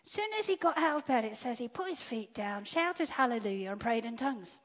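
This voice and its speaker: A woman preaching a sermon, swinging from loud declarations to hushed whispers. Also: on the high side, animated, fairly quick. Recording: dull lo-fi sound.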